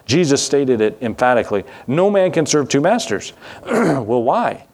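A man's voice: mid-range voice, very animated, unhurried, a little mellow. Man preaching a sermon, calls out questions. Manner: preaches with rising emphasis, asks the congregation questions. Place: church.

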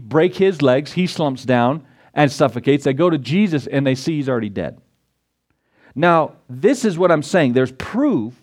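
A man preaching a sermon, animated, acting out Bible scenes with quoted voices. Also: fairly high pitch. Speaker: pastor.

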